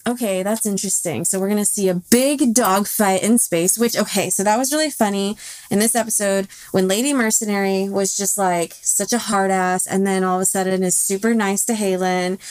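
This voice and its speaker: A woman chats through a TV episode recap in a lively, emotional way, swearing freely and slipping into the characters' lines. Her voice sits mid-range for a woman. The recording is dry and close. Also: mid-range voice, a little fast, no echo, rough recording. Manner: animated, profane, emotional, acts out quotes. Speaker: podcast co-host. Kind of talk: casual TV recap chat.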